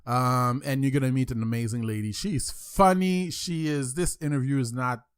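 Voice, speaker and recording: A man's voice: medium pitch, moderate pace, clear, resonant tone, dry recording, studio quality. A man with a French accent hosting a podcast, rambling through a casual intro with many repeats and fillers. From France. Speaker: podcast host.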